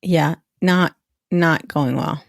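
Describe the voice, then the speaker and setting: Woman co-host, casual animated storyteller, dry booth sound. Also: deep voice, slow pace, gravelly, no echo. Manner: chatty, animated storyteller, laughs often. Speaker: podcast co-host. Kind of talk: casual chat.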